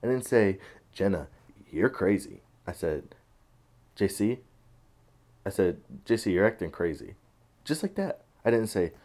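A man hosting a casual solo podcast, rambling and swearing, low on energy without his coffee. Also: darkish tone. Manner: swearing, rambling, loose and tired. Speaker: podcast host.

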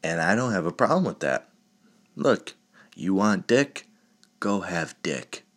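Deep-voiced, crude-joking male podcast host. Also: very animated, slow pace, a bit bright. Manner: crude, joking, laughs often. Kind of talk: casual solo podcast talk.

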